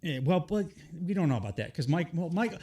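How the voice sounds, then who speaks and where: A man chatting as a podcast co-host, his voice a little high and very lively in its rises and falls. He sounds enthusiastic and laughs often. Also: fairly quick. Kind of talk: casual chat about wrestling.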